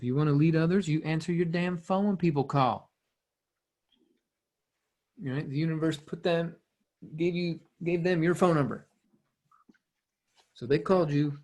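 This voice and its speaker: A man's voice: fairly high pitch, a little mellow. A man coaching a listener in a loose, conversational way, often repeating phrases and restarting sentences. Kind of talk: casual motivational teaching.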